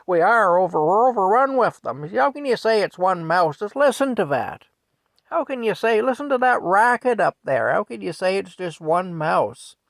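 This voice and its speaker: A man's voice: high voice, big pitch swings, moderate pace, gravelly, dry recording, pitched above the performer's own voice, heavily acted. A man voicing a blunt, cursing middle-aged farm wife who shrilly scolds her husband. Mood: indignant.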